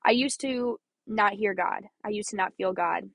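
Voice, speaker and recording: This young Missouri woman hosts a podcast in a creaky, slightly bright mid-range voice at normal speed, with no room sound. Her personal talk about faith is earnest and chatty, full of laughter and repeated points.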